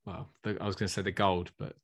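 A man's voice: low-pitched, level tone, fast talker. A man hosting a casual podcast, playfully reading out questions to his co-host. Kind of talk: casual chat about fantasy football.

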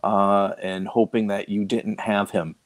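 A man with a Boston accent talking fantasy football as a co-host, in a halting way with many restarts and fillers. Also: fairly low pitch, little pitch movement, dry recording. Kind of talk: casual sports chat.

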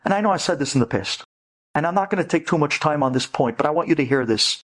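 A man with a somewhat high voice delivers a rabbi's storytelling lecture. He speaks directly to the women listening and dramatizes every story, leaping up in pitch to act out the people in it. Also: expressive, fast talker, fairly bright tone. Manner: dramatic, acts out quoted voices with big pitch leaps.

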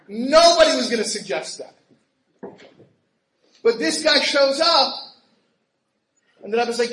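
A man telling a story in an animated, laughing way, acting out quoted voices with big jumps in pitch. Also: slow pace, long pauses. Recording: roomy echo with faint ambient noise.

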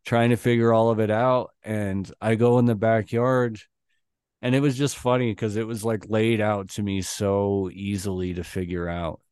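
A young man hosts a casual podcast in a low, smooth, clear voice. He rambles through stories with plenty of fillers and laughter. The sound is dry and close. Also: little pitch movement, moderate pace, a little mellow, no echo. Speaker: podcast host. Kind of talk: casual chat.

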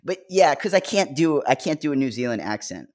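Wry American co-host, mid-pitch. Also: male voice, sing-song, brisk. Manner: wry, anecdotal storyteller. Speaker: podcast co-host. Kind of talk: casual podcast chat.

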